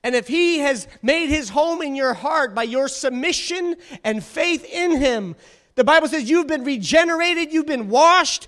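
High-voiced fervent male preacher. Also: lively intonation, measured pace, fairly bright tone. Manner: fervent, exhorting, calls for congregation responses. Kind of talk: sermon. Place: church before a congregation.

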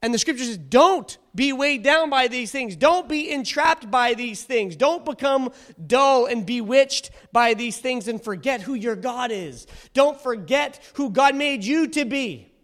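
Male preacher with a very high voice, fervent and exhorting, leading a church congregation. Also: expressive, measured pace, a bit bright. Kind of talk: sermon.

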